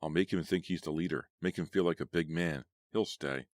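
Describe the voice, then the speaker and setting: A man's voice: rumbling low, fairly quick, dry recording, clean studio sound. A man voicing a cocky, smug teenage boy in an audiobook, with a smirking, boastful delivery.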